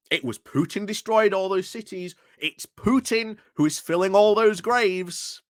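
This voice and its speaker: A man reacts to a clip with indignant commentary, firing off rhetorical questions and tripping over his words. His voice is slow and deliberate, recorded dry and close with no room sound. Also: high-pitched, fairly bright tone, no echo. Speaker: political commentary YouTuber.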